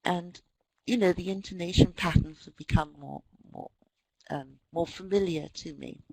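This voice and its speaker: A woman's voice: fairly low pitch, normal speed, gravelly, darkish tone, low-quality recording. A middle-aged British woman with a British accent, giving a wry, anecdotal webinar lecture on language with frequent ums. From Britain. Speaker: webinar presenter, English teacher trainer.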